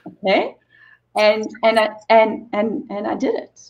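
A woman's voice: medium pitch, expressive, measured pace, creaky, muffled recording. A woman in her forties, a movement coach and interview guest, telling an emotional personal story with earnest repeated phrases and bits of laughter.

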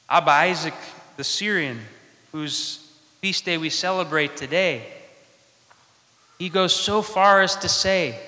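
In a church full of long, ringing reverb, a man delivers a sermon at a slow, measured pace, pausing dramatically between brief phrases. His slightly high voice carries a bright, forceful edge.

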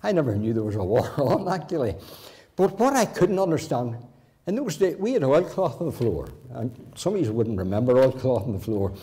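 A man's voice: medium pitch, very animated, a little fast, warm tone. A man in his eighties with a Northern Irish accent, preaching in a church and weaving homely childhood stories into his sermon, with the odd restart. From Northern Ireland. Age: 80s. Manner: homely anecdotes with occasional restarts. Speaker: guest preacher. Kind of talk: folksy storytelling sermon.

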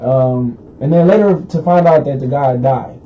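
A male radio co-host loosely retells a news item in casual current-events banter, filling his talk with fillers. His pitch is medium and his pace moderate, heard through a dull lo-fi recording with faint hiss.

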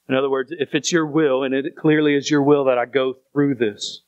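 A man's voice: medium pitch, steady tone, fairly quick, hardly any pauses, a little mellow, no echo, rough recording. A man preaching a sermon as pastor, speaking earnestly and repeating phrases for emphasis.

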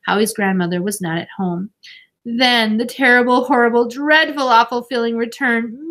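A woman reading a children's novel aloud, with gentle, expressive storytelling. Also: on the high side, normal speed. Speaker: audiobook narrator.

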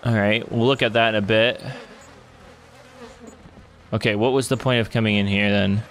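Young guy doing let's play commentary, swears a ton, panics and yells, faint hum behind. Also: on the low side, fairly even intonation, moderate pace. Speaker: gamer.

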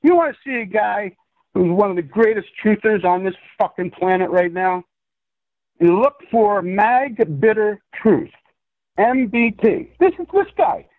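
A man calls in to an interview and rants in a rambling, profane stream. His voice sits high and swings widely in pitch. The sound comes through a tinny phone line. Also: lively intonation, measured pace, no room sound. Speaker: guest.

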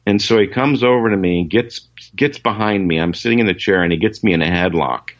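A man's voice: lowish voice, brisk, dull audio. A man, a session guitarist, telling anecdotes in a casual interview, rambling with lots of fillers and restarts.

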